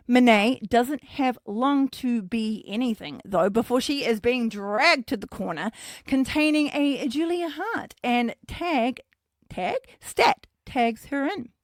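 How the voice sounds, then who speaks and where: Woman, sarcastic sweary recap host, high lively voice, dry close sound. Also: dry recording. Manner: chatty and sarcastic, swears freely, playful asides. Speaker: podcast host recapping wrestling. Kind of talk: casual recap commentary.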